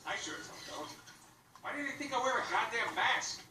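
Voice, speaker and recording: An actor voicing a sarcastic, foul-mouthed mercenary antihero in a video game, talking straight to the player. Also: male voice, very high-pitched, lively intonation, brisk. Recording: distant echoey game audio with noise.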